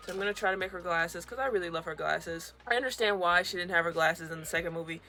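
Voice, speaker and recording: Bright-voiced, chatty young woman vlogger. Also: lowish voice, fast talker. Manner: chatty and expressive, swinging between weary grumbling and squealing excitement. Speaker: crochet vlogger. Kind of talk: casual craft vlog, talking to camera. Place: her bedroom.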